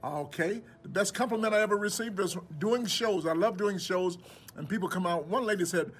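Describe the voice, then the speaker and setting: A man's voice: high-pitched, brisk, fairly bright tone, breathy edge. A man recording a cheerful, upbeat video greeting, chatting playfully about his life. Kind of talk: casual recorded message.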